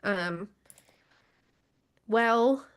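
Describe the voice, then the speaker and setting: A woman's voice: a little high, extremely slow, clear, resonant tone. A woman co-hosting a podcast, talking conversationally with fillers and restarts. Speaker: podcast co-host. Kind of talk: casual chat.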